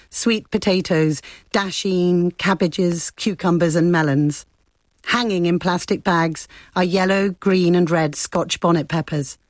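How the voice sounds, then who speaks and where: A woman correspondent reading a scripted radio report in a measured, descriptive way. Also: fairly low pitch, dry recording. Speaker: foreign correspondent.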